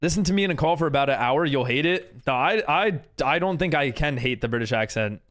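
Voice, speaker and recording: Lively high-voiced American man streaming. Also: fairly quick. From United States. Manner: chatty, reads and answers chat while building. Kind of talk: casual live-stream chat.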